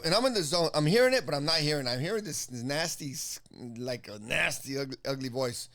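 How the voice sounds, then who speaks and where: Animated profane man in his fifties. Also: fairly high pitch, fast, hardly any pauses. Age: 50s. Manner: animated, profane, acts out both sides of an argument. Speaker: jiu-jitsu competitor telling a story. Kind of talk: casual storytelling.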